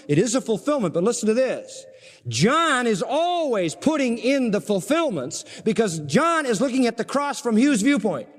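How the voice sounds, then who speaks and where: A man preaching a sermon in a church, emphatic, with big swings in pitch and loudness. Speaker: pastor. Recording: reverberant church hall.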